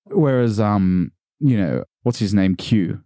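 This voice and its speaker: Laid-back Australian man with a dark voice. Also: lowish voice, animated, slow pace, dry recording, studio quality. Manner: playful, puts on posh voices in stories. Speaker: podcast guest. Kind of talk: casual chat.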